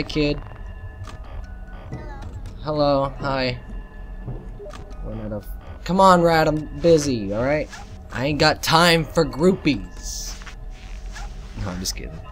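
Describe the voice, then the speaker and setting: A man commentating a horror game while losing his voice, joking with the characters and yelping loudly at scares. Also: on the high side. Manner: jokey banter with game characters, yelps and shouts at jump scares. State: losing his voice, a bit sick. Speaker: gameplay commentator.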